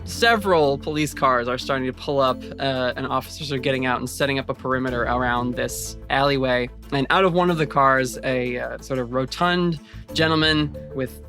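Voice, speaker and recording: Game master narrating, bright tone, light music under. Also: male voice, medium pitch, normal speed.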